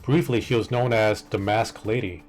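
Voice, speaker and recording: A man's voice: lowish voice, fairly even intonation, normal speed, a little mellow, soft background music. A man on a live stream reading a fantasy wiki entry aloud, tripping over the names and muttering exasperated asides.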